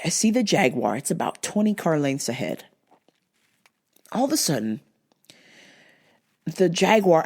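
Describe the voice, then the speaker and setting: A young woman hosting a podcast, telling a story in a profane, animated rant. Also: low-pitched. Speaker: podcast host. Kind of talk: casual storytelling monologue.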